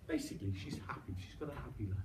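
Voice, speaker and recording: Animated man telling a story to a crowd. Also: medium pitch, rapid-fire, a little hiss or hum. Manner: animated, coaxing audience to join in, with sound effects. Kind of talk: interactive live storytelling. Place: room with live audience. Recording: roomy, distant mic.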